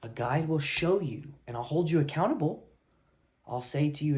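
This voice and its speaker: A man's voice: fairly high pitch, expressive, moderate pace, a little mellow. A man coaching his viewers in a blunt tough-love rant, swearing heavily and fired up. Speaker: life coach.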